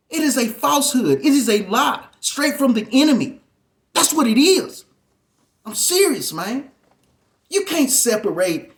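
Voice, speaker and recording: Fiery preaching man, slow and lively. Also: extremely high pitch. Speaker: political and religious commentator. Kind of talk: impassioned monologue to camera.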